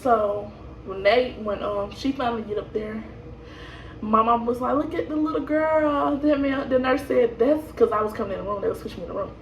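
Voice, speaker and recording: A woman's voice: on the high side, fairly quick, a little hiss or hum. A young woman telling her birth story casually, rambling and laughing, with lots of fillers and restarts. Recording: echoey room, voice from a distance.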